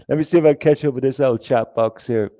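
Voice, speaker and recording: A man hosts a livestream in a medium-pitched, dark-toned voice, rambling profanely and emphatically with frequent restarts as he reads comments from chat. The recording is dry and lo-fi.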